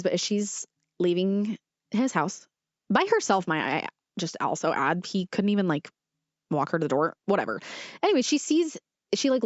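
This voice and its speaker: A woman's voice: lowish voice, dry recording, lo-fi sound. A young woman hosting her own podcast, talking in an earnest, gushing, rambling way with lots of fillers. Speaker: podcast host. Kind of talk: casual solo podcast chat.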